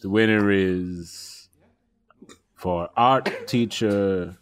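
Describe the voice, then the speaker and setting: A man playing a droll awards-ceremony announcer in a comedic improv bit, deadpan and trailing off quietly. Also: on the low side, very slow, smooth.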